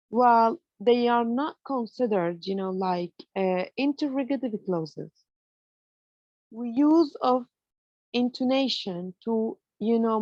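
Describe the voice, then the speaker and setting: A woman's voice: fairly high pitch, a little mellow, no echo, highs cut off. A woman explaining grammar step by step to students, often checking that they follow. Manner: explains step by step, fills with "you know" and checks understanding with "okay?". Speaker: English grammar lecturer. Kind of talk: explanatory lecture.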